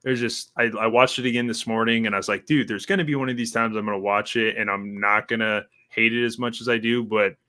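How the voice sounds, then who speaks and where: A man's voice: on the low side, fast talker, hardly any pauses. A young man chatting casually as podcast host, swearing a lot and mocking lines in exaggerated voices. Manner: profane, animated, mocks film lines in exaggerated voices. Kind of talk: casual chat.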